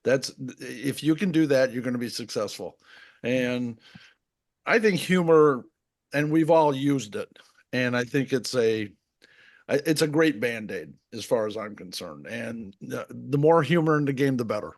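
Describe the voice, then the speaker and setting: A man's voice: mid-range voice, lively intonation, unhurried, no room sound, clean studio sound. A man co-hosting a podcast of retired officials, speaking reflectively in casual chat. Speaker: co-host, retired sports official.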